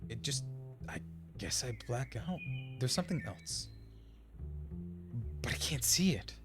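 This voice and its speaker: A man voicing a tired young woman painter who loses time, reading her lines quietly and softly. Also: medium pitch, expressive, unhurried, over music, close to an everyday voice. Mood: weary.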